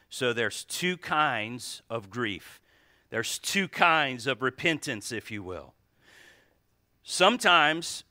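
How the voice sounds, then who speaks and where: A man preaching as pastor, swinging from hushed pleading to shouted intensity as he calls out to God. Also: mid-range voice, no room sound, clean studio sound. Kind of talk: sermon.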